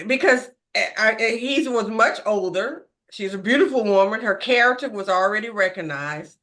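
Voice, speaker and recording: Bright, playful woman co-host. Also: mid-range voice, lively intonation, moderate pace, few pauses. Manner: playful, joking asides. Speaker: ministry podcast co-host. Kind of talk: casual chat.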